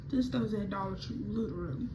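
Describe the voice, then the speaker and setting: A young woman telling a storytime vlog in slangy, animated speech that acts out the dialogue. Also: mid-range voice, normal speed, noisy background. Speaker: vlogger. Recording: slightly muffled recording.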